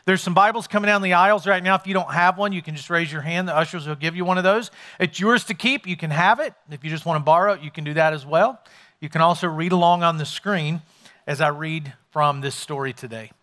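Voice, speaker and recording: A male pastor delivers a sermon in a church sanctuary before his congregation. His voice sits high and rings bright and forceful. He talks conversationally, throwing in jokes for the crowd. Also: fast.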